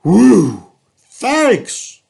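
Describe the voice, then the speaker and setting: A man voicing a panicky, clumsy male elephant with a shrill, squealing voice in a children's storybook reading. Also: huge pitch swings, drawn-out words, vocal fry, darkish tone, exaggerated voice. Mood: relieved.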